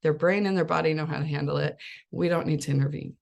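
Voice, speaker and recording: Chatty woman coach with a gravelly voice. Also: low-pitched, fairly even intonation, fast talker, a little mellow, dull audio. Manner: chatty, laughs often, acts out quoted voices. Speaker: life coach. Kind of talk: casual coaching talk.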